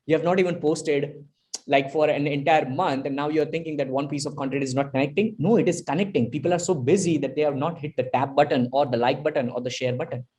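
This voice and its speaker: A man from India, a podcast guest, telling stories in an emphatic, animated way over a video call. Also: on the high side, fast. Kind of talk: casual podcast storytelling.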